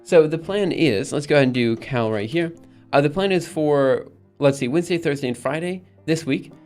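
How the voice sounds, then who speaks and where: A man chatting casually on a live stream, thinking aloud with many pauses and restarts. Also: fairly high pitch, darkish tone, faint music behind. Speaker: streamer and project maintainer.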